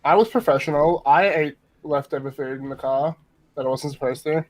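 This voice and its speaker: A man from Australia with an Australian accent, chatting casually as a guest, playful and quick to laugh at himself. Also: fairly high pitch, low-quality recording. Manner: playful, laughing, self-mocking. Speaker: guest on a stream. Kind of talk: casual chat.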